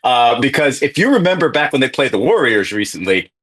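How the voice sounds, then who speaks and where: A man co-hosting a sports podcast, giving measured takes and settling low at the end of thoughts. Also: very animated, a bit bright, slightly rough. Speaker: podcast co-host. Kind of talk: casual sports talk.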